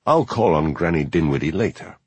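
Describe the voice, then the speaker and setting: A man voicing a laconic, wry village policeman with a dry, unhurried delivery. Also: very deep voice, expressive, darkish tone, slightly rough, no echo, voice pushed down, heavily acted.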